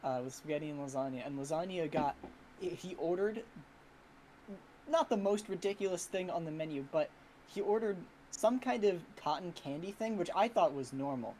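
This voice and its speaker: Soft halting podcast co-host. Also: mid-range voice, slight background noise, low-quality recording. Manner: halting, restarts often, soft and trailing. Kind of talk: casual chat.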